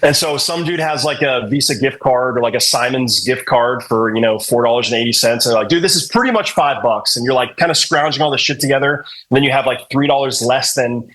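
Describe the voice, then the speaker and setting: A man from New England with a husky, slightly raspy voice, talking loosely and profanely as a podcast guest. He tells long, meandering stories and jumps into quoted voices. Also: medium pitch, steady tone, fairly quick, few pauses, fairly bright tone, rough recording. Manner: rambling, profane, joking, acts out quotes. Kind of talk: casual storytelling chat.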